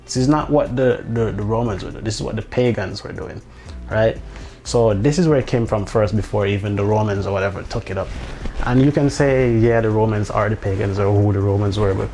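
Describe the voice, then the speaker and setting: Rambling man with a low voice. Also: fairly quick, warm tone, soft background music. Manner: rambling, restarts often, swears, incredulous asides. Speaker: vlogger. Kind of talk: casual monologue.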